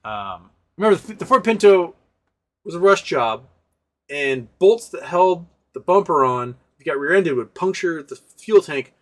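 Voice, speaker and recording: A man's voice: fairly high pitch, lively intonation, a little slow. A man hosting a casual livestream, reading viewer comments and answering them in a sarcastic, rambling way with many fillers. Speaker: livestream host.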